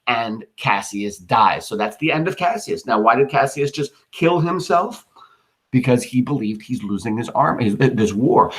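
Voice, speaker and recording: A man's voice: mid-range voice, low-quality recording. A man teaching a recorded lesson, retelling a play in casual, slangy everyday words with fillers. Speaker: English teacher.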